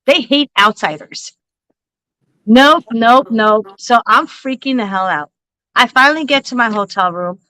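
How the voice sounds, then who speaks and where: A woman hosting a psychic-reading livestream, telling a story in an animated, laughing way and swearing freely. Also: fairly high pitch, measured pace, no room sound, poor audio. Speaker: psychic reader and livestream host.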